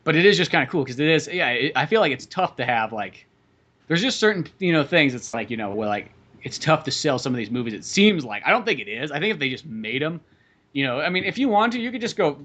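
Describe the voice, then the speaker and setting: A man co-hosting a podcast, chatting casually about movies in a rambling, animated way with lots of swearing. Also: fairly high pitch, fast. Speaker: podcast co-host.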